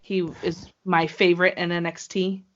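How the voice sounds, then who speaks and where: A woman hosting a podcast in casual chat, excitable and playful, with ring-announcer flourishes. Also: on the low side, normal speed. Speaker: podcast host. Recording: dull lo-fi podcast audio.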